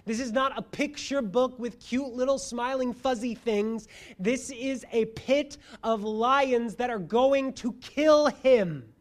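A preacher giving a sermon, moving between quiet asides and loud emphasis and asking the listeners rhetorical questions. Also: medium pitch, slow pace. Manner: addresses listeners as friends, asks rhetorical questions.

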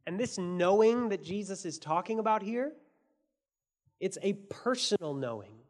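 A man preaching a sermon as pastor, earnest, asking his listeners questions and swinging between soft and emphatic delivery. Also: high-pitched, expressive, a little slow. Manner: asks the audience many questions.

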